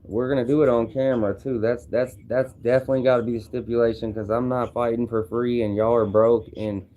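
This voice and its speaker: A man's voice: medium pitch, little pitch movement, a little fast, warm tone. A young man from Louisville with a Kentucky accent, talking brashly and profanely on a livestream as he answers viewers' comments. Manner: brash, profane trash talk. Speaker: streamer.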